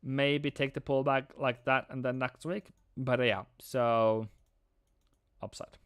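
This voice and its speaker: A man hosting a live trading stream, excitable and slangy, calling viewers mate and bro. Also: medium pitch, slow pace, clear, resonant tone, no echo.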